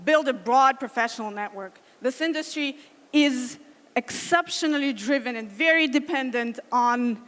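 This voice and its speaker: A woman in her thirties speaking on a conference stage. Her voice sits somewhat high, and it rings with the long reverb of a large hall. She talks earnestly, in careful second-language English, with many fillers and restarts. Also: normal speed, a bit bright. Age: 30s. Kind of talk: conference talk.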